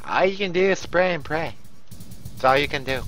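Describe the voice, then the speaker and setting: A man commentating his own gameplay, loud and profane, often yelling into a close desk mic. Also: a little high, lively intonation, moderate pace, soft background music, poor audio.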